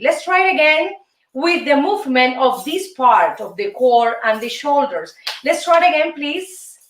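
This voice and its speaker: A woman's voice: high-pitched, animated, a little slow, a bit bright, echoey room, recorded from a distance, low-quality recording. Cuban-accented woman teaching salsa, counting beats. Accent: Cuban Spanish. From Cuba. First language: Spanish. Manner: counting beats, chanting "pa pa" rhythms. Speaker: host and dance teacher. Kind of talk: salsa dance lesson.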